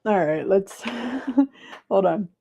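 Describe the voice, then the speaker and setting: A woman hosting a live stream from her desk, chatting casually and breaking into high excited cheers, on a clip-on mic. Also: extremely slow, vocal fry, husky, muffled recording. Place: home desk. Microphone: clip-on mic in her shirt.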